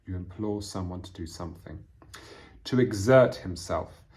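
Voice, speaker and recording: A man with a very low voice walks through storybook vocabulary like a patient English teacher. He explains each word in plain terms and often pauses on fillers as he thinks. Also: a little mellow. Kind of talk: vocabulary lesson reading from a storybook.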